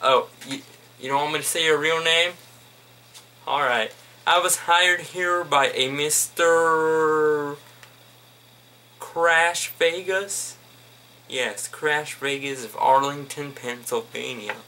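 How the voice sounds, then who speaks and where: A man voicing a manic, cackling male psychiatrist from Transylvania, with a put-on Transylvanian accent and a shrill, theatrical manner. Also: takes it slowly, bright, forceful tone, heavily acted.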